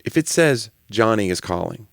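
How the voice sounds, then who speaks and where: Man, mild southern accent, lively swooping pitch, casual podcast rant, dry close mic. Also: normal speed, creaky, no echo. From Southern United States. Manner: animated, rants with rising emphasis. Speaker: podcast co-host and comedian. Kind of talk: casual chat.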